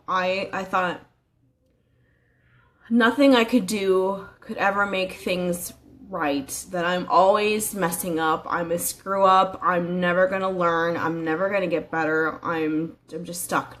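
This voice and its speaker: A woman's voice: fairly low pitch, a bit bright. Earnest conversational woman coaching. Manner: earnest and conversational, with frequent restarts and rhetorical questions. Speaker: life coach. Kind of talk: casual motivational training talk.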